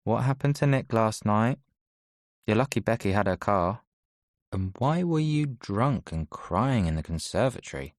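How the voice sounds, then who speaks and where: A man's voice: lowish voice, animated, measured pace, no echo, pitched above the performer's own voice. A man reading an audiobook, voicing a sarcastic teenage girl who is blunt but caring, in a dry, matter-of-fact manner. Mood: deadpan. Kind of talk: audiobook character voice.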